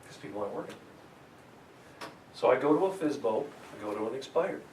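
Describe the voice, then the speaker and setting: A man teaching a real estate sales seminar to a live audience, energetic and joking, often laughing at his own stories. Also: medium pitch, a little fast, slight background noise. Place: meeting room with a live audience. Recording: echoey room, mic far off.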